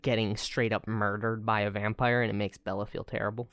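A woman co-hosting a podcast in casual chat, joking and crude with quick asides. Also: rumbling low, flat delivery, a bit bright, no echo, studio quality. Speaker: podcast co-host.

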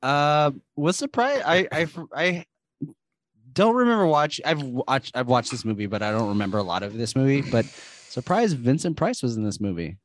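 A podcast co-host in casual chat, halting and repeating words while recalling things. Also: mid-range voice, expressive.

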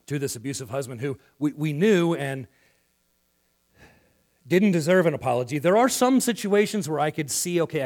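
A man preaching a sermon in a church, acting out quoted dialogue and swinging between loud passages and hushed ones. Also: mid-range voice. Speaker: pastor.

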